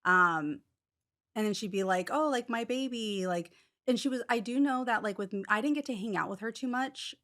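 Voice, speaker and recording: A woman's voice: medium pitch, a little fast, fairly bright tone. A woman in her thirties, a podcast guest, telling a personal story in a rambling, casual way with lots of fillers. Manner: rambling, many "like" fillers, acts out quotes.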